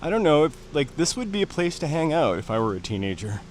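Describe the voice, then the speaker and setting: A man's voice: on the high side, very animated, quick pace, a little hiss or hum. A man narrating casually while walking outdoors up hillside stairs, a bit out of breath from the climb. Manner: chatty, slightly out of breath from climbing. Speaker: vlogger.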